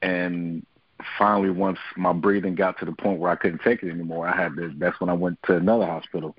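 A man giving an earnest, halting personal testimony on a family prayer line. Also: deep voice, level tone, breathy edge, no room sound, lo-fi sound.

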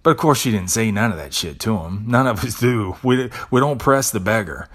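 A man with a fairly low voice talks to his listeners like a friend. He tells an everyday story in a loose, profane way and often stumbles over repeated words. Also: lively intonation, moderate pace, a bit bright. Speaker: podcast host. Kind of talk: casual monologue.

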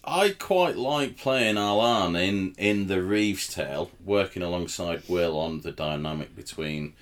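Deep, dry-humoured man from Northern England. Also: animated, a little slow. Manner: dry, mock-serious humour. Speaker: stage actor. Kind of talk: casual interview.

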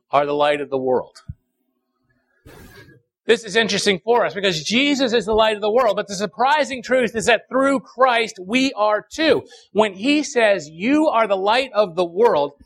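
A male pastor, preaching a sermon with emphatic repetition and dramatic pauses. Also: high voice, creaky, fairly bright tone.

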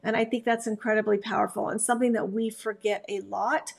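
Gravelly-voiced woman giving chatty dog advice. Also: mid-range voice, level tone, fairly quick. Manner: chatty, emphatic, with frequent restarts. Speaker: dog trainer and podcast host. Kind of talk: casual advice monologue.

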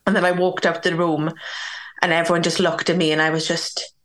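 A young woman speaking as a podcast guest, telling a personal story in a low, fairly level voice. She is candid and chatty, full of "like"s, and voices the lines of the people in her story. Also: level tone, a little fast. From Wales. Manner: candid, talks with many "like"s and acts out quoted dialogue.

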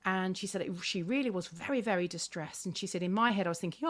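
A woman speaks as an author in an interview, with a mid-range voice. She tells stories fast and freely and acts out what others said. She breaks off and restarts often as she talks. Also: medium pitch, animated. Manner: storytelling, acts out quoted voices, frequent restarts. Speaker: parenting author guest. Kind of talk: animated conversational interview.

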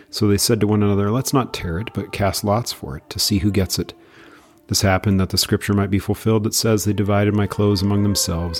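A man reads a long scripture passage aloud in a measured, unhurried way. His voice sits very low. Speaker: scripture reader. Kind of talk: Bible reading.

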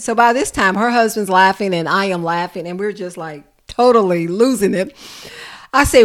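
A woman caregiver telling a personal story to an audience in a lively, expressive way. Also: mid-range voice, moderate pace. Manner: expressive, lively storyteller who builds to laughter. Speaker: home caregiver.

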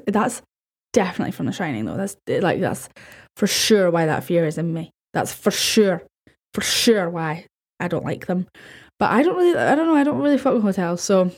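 A Scottish woman hosting a podcast, chatting in a bubbly, rambling, excitable way. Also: mid-range voice, breathy edge. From Scotland. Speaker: podcast host. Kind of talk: casual chat.

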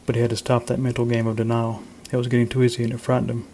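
Give me a man reading his own short story with a steady, dark, mellow voice. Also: mid-range voice, rapid-fire, slight background noise, rough recording. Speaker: author reading his fiction.

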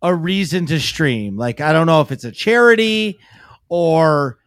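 A man's voice: fairly high pitch, animated, a little slow, dry recording, clean studio sound. A man co-hosting a casual podcast, talking bluntly and swearing freely. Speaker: podcast co-host and streamer. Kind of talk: casual chat.

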